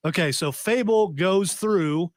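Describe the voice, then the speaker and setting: A man with a high-sitting voice hosts a radio talk show, speaking slowly in a casual group chat. He rambles, restarting often and leaning on fillers. The recording is dry, with clean studio sound from a radio studio.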